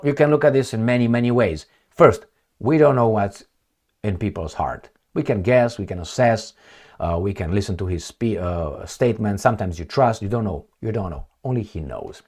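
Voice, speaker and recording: A man's voice: fairly low pitch, darkish tone, slightly rough. A man giving solo commentary on news stories, reading headlines aloud and answering them in a blunt, sarcastic way. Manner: blunt, sarcastic, reads headlines then rants. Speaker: political commentator.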